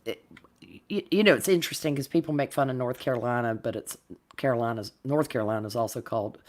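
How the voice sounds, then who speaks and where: A woman from the US South with a softened North Florida accent, chatting casually in a deliberate, well-enunciated way. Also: very deep voice. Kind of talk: casual chat.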